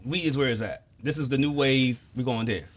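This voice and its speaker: Brief: male podcast co-host, mid-pitched, laid-back, slangy, playful interviewer. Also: fairly quick.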